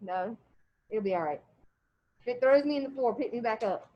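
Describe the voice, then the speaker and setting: A woman's voice: fairly high pitch, moderate pace, pauses often, dull audio. A woman teacher reading a novel aloud to her class, stopping often to quiz the students on words and events. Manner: animated, quizzing students between passages.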